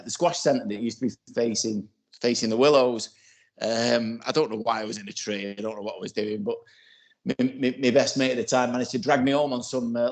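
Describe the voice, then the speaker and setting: Rambling man in his forties. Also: medium pitch. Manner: rambling, full of "you know" and restarts. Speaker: podcast co-host. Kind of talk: casual podcast chat.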